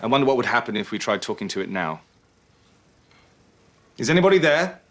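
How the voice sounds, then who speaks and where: A man's voice: mid-range voice, sing-song, fairly quick, fairly bright tone. An actor playing a man who calls out cautiously to a ghost in a film scene. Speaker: film character.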